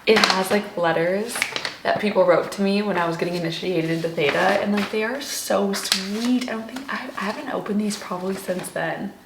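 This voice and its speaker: A woman's voice: mid-range voice, moderate pace, background noise. A woman in her twenties chatting casually to camera as a lifestyle vlogger, saying "like" a lot and laughing often. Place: home closet, later her car.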